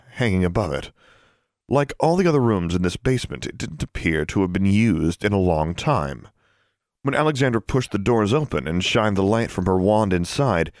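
A man reading a story aloud in an even, measured narrating manner. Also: on the low side, no room sound, clean studio sound. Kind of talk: scripted audiobook narration.

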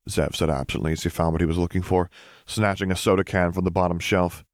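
A man narrating a serialized fan fiction story in a steady, even reading voice. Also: sits low, fast talker, no echo, clean studio sound. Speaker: audiobook reader.

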